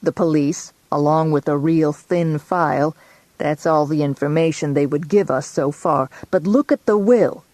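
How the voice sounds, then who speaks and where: An eager young male lawyer, bright with excitement and pushing his point, as a woman reader puts him on. Low-pitched and dry, close to the mic. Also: no echo, close to an everyday voice. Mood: excited. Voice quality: eager and quick.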